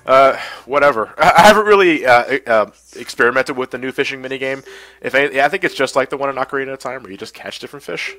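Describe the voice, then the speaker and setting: A man's voice: mid-range voice, fast, sharp tone, no room sound, faint music behind, poor audio. A man with a stuffy cold, casually commenting on a game livestream, chatty and reading the chat aloud. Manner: chatty, laughs often, reads chat aloud. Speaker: livestream host.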